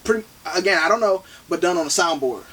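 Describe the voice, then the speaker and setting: A man in his thirties co-hosting a casual movie review podcast, animated and playful, talking fast with lots of restarts. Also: high voice, distant mic, slight background noise. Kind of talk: casual chat.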